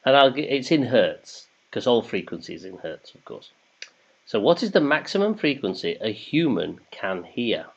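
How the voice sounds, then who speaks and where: A man runs a casual online quiz, chatting and joking between questions, which he reads in English and then in German. His pitch rises and falls a lot, and the sound is somewhat dull and lo-fi. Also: sing-song, moderate pace, breathy edge. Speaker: quiz host. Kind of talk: casual livestream quiz hosting.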